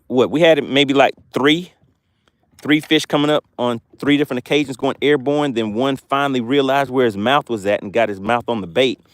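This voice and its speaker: A man's voice: mid-range voice, no echo. A man on a lake boat hosting a casual fishing livestream, chatting and reading viewer comments aloud. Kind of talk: casual live-stream commentary.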